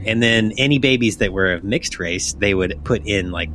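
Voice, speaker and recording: A man's voice: on the low side, normal speed, a bit bright, soft background music. A man hosting a podcast in casual chat, rambling and swearing freely. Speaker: podcast host.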